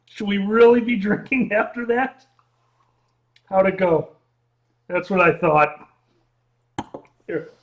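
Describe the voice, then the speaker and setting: A man who is a guest comedian, trading quick deadpan quips in a casual chat on a sofa at home. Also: high voice. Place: home living room, on a sofa.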